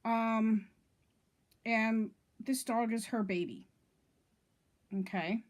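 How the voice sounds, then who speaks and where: A woman's voice: fairly high pitch, fairly even intonation, very slow. A middle-aged woman talking straight to her viewers in a casual vlog, indignant and rambling, with lots of "um" and "okay?" along the way. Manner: indignant, rambling, many fillers and "okay?" checks. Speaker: vlogger.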